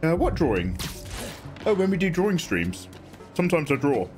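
A young man giving casual, joking commentary while he plays a game, now and then breaking into silly sing-song. His voice is a little high and very animated. Game music plays clearly underneath. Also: moderate pace. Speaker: streamer.

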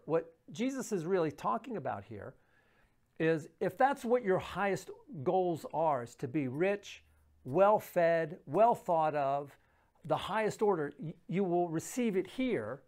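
A pastor giving a daily devotional Bible teaching in a conversational way, often pausing and restarting, reading verses aloud and then explaining them. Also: medium pitch, big pitch swings, a little mellow. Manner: conversational, with frequent fillers and restarts; reads scripture aloud and explains it.

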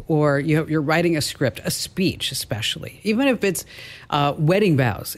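A woman hosting a radio show, chatty and laughing easily. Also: low-pitched. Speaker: host. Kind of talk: casual radio show chat.

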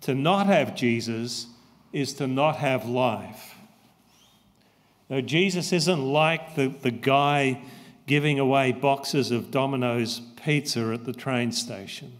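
A man preaching a sermon as pastor, slow and emphatic, repeating his key phrases. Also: medium pitch. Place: church. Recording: long church reverb.

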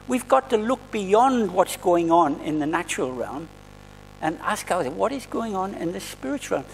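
A man's voice: high voice, gravelly, in a large hall, poor audio. A man preaching a sermon in a church, earnest and conversational, often restarting his phrases. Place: church hall.

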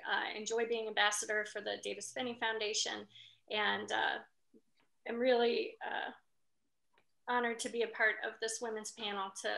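A woman's voice: mid-range voice, vocal fry, pushed and bright. A woman of about fifty, a retired nurse, introducing herself on a panel, friendly and earnest with slight hesitations. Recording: echoey room.

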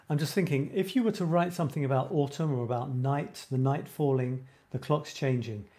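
Guy hosting a live writing chat, mid pitch, warm dark voice, keeps cutting himself off. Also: normal speed. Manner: rambling, self-interrupting, laughs at himself. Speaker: host of a creative writing show. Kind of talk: casual live-stream chat.

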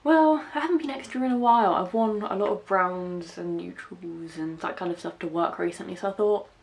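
A woman's voice: mid-range voice, fairly quick, creaky. A young woman from the West Country with a light West Country accent, chatting casually through a makeup tutorial and narrating each step with self-deprecating asides. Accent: West Country English. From West Country, England. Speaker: makeup vlogger.

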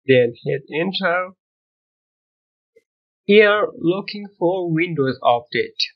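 A man hosting a screen-recorded software tutorial, giving step-by-step instructions in broken, non-native English. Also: high voice, highs cut off. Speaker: tech tutorial host.

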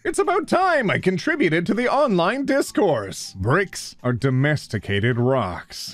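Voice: mid-range voice, sing-song, measured pace, hardly any pauses, dry recording. A video host reads funny online posts aloud, breaking into giggles and incredulous reactions. The voice swoops wildly up and down with big expression. It is recorded close and dry, with no room sound. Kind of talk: casual meme reaction, reading posts aloud.

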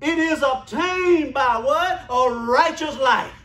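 Preacher guy, slow drawn-out delivery, rhythmic emphatic sermon, roomy echo in the church. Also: extremely high pitch, fairly bright tone.

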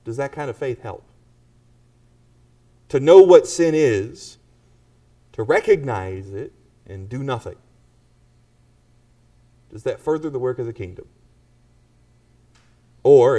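A man's voice: mid-range voice, slow, pauses often, warm tone, recorded from a distance. A man preaching a sermon to a congregation and pressing them with pointed rhetorical questions. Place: church.

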